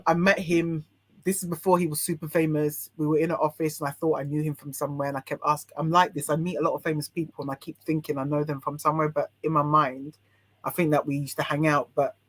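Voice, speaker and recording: A woman's voice: sits low, a bit bright. A British woman chats casually as a guest on a podcast. She gives her opinions bluntly and often stops mid-phrase to start again. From United Kingdom. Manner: frank and opinionated, many restarts. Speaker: podcast guest, life coach.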